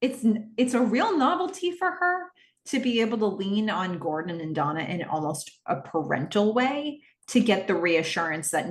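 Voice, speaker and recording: Chatty woman podcaster in an echoey room. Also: fairly low pitch. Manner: chatty, thinking aloud with frequent fillers. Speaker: podcast host. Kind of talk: rewatch podcast recap and commentary.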